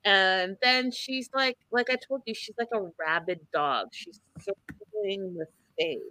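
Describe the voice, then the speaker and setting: In a dry recording, a woman speaks at medium pitch and a slightly slow pace. Hosting a laid-back chat, she eagerly retells a reality show, performing the cast's lines with emphasis like a lively storyteller.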